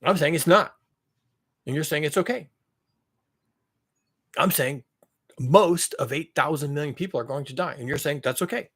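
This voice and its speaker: Slightly high, fairly bright and husky, this man's voice moves at a moderate pace with long pauses. Hosting a climate commentary channel, he delivers a heated, profane monologue, mocking others in sarcastic voices and stacking up repetitive lines as it builds.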